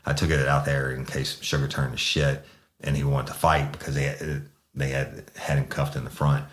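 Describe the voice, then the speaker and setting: A former police sergeant, telling a story in a blunt, profane, rambling way. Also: male voice, a bass voice, level tone, moderate pace. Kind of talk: casual storytelling.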